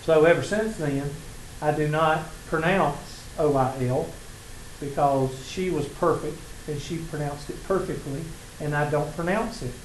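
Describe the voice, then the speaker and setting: A man's voice: fairly high pitch, measured pace, a little hiss or hum. A man with a Southern accent teaching a college math class, telling stories and joking with his students. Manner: folksy, joking, teasing the class. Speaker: math instructor. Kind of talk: classroom lecture with storytelling. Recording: echoey classroom with faint ambience.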